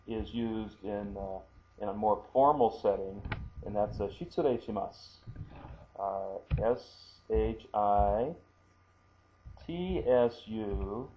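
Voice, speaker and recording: A man teaching a language lesson, talking slowly and haltingly with many fillers and repeating words for pronunciation. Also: on the low side, phone-quality sound. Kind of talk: screen-recorded language lesson.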